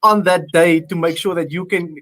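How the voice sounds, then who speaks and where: A man's voice: high voice, steady tone, moderate pace, a bit bright. A man hosting a sports interview in a playful, teasing way. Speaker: sports show host. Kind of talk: casual interview chat.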